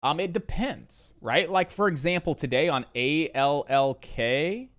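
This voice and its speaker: A man's voice: on the high side, animated, unhurried, a bit bright. A man hosting a live day-trading stream. He answers viewer questions in a loose, rambling way, with lots of fillers, and repeats his key points in lists.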